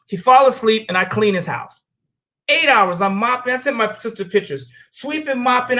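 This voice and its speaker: Blunt, profane middle-aged man. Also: high voice. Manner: animated storyteller. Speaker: podcast guest. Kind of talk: casual podcast talk.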